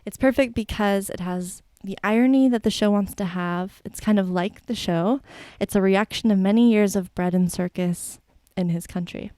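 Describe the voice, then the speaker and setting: A woman's voice: mid-range voice, normal speed, hardly any pauses, mellow, dry recording. A woman co-hosting a podcast in a chatty, irreverent way, laughing often and swearing casually. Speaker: podcast co-host.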